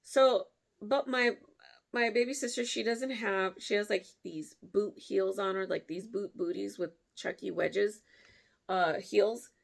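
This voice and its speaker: A woman vlogger telling a story in a casual way, animated, laughing often and jumping her voice up to act out what people said. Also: unhurried, vocal fry. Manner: animated, acts out quotes with big pitch jumps.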